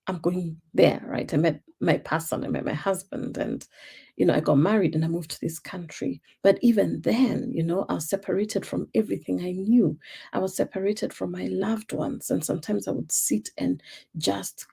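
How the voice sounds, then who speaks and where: A Kenyan woman coaching her viewers on a live stream with an emphatic delivery, circling back to her key points. Her voice is warm and dark, with a husky grain and a gravelly edge. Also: lowish voice, fairly even intonation, normal speed. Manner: emphatic, repeats key points, acts out quoted speech. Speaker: life purpose coach. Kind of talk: motivational live stream talk.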